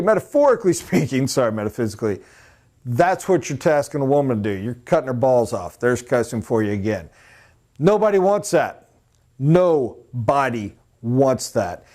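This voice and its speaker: A man giving a live sales training talk, emphatic and animated, acting out little scenes. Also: mid-range voice. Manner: animated, emphatic, mock voices for examples.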